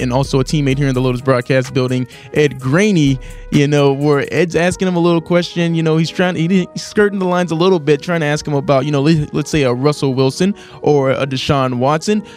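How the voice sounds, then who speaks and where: A man's voice: on the high side, fairly even intonation, a little fast, a little mellow, faint music behind. A man hosting sports radio, chatty and loose, fumbling through a question.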